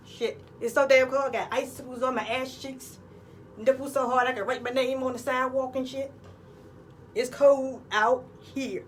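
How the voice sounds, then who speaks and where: A woman's voice: fairly high pitch, distant mic, slight background noise, poor audio. A woman telling a crude, rambling comic story outdoors in the cold. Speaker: comedic vlogger. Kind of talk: profane comedic storytelling.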